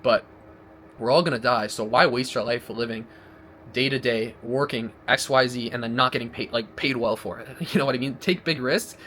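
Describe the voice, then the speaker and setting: A man's voice: mid-range voice, moderate pace, a bit bright, slight background noise. A man delivering a blunt, profane motivational monologue, rambling and restarting as he goes. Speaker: vlogger.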